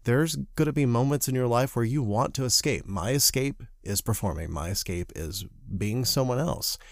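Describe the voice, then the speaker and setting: A man from the Southern United States co-hosting a podcast, an actor telling animated, self-deprecating stories and giving advice. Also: medium pitch, normal speed, dry recording, studio quality. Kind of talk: casual chat with advice.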